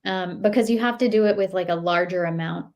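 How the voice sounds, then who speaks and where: A woman's voice: medium pitch, brisk, darkish tone. Chatty storytelling woman, full of fillers. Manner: chatty storyteller, many fillers, acts out quotes. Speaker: nutritionist guest. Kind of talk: casual interview chat.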